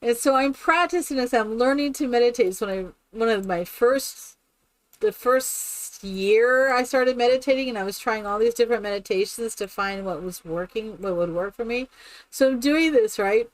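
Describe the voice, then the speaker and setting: Animated, chatty woman with a bright voice. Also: a little high, normal speed. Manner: animated storyteller, laughs often, keeps asking "right?". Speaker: streamer. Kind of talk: casual chat while playing a game.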